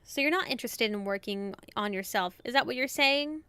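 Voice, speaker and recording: A woman voicing a smug, mystical woman fortune teller in a put-on Southern drawl, talking slowly and condescendingly. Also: a little high, bright, forceful tone, clean tone, dry recording. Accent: put-on American Southern. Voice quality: slow southern twang.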